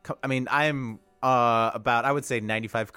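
A man hosting a casual basketball podcast, talking in quick, stumbling, joking banter. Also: medium pitch, fairly even intonation, pushed and bright, clear, resonant tone, no room sound, faint music behind. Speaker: podcast host. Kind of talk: casual sports chat.

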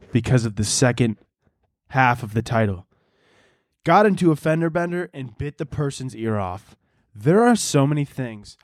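A man's voice: mid-range voice, no echo, studio quality. A young man hosting a podcast, rambling through a profane, comedic monologue. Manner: profane, rambling, animated storytelling. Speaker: podcast host.

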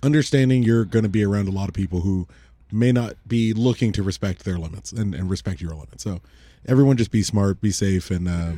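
Fast-talking husky man with a dark voice. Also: on the low side, dry recording. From Southern California. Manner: rapid, animated, restarts often. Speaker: podcast co-host. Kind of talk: casual chat.

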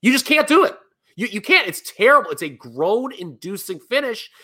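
Male podcast co-host, bright forceful voice, lively pitch, critical ranting delivery. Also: normal speed, breathy edge. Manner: animated, critical, swearing, rants with emphasis. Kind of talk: casual wrestling podcast chat.

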